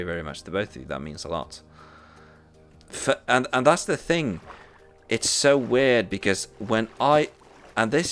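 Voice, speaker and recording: A man's voice: low voice, creaky, fairly bright tone. A man live streaming a game and chatting casually with viewers, rambling and restarting his sentences often. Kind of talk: casual chat while gaming.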